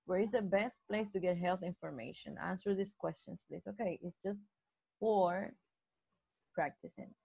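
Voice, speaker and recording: Woman teaching a slow English grammar lesson. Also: lowish voice, creaky, mellow, slightly rough, no echo, poor audio. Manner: slow, repetitive explaining with frequent restarts. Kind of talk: live online grammar lesson.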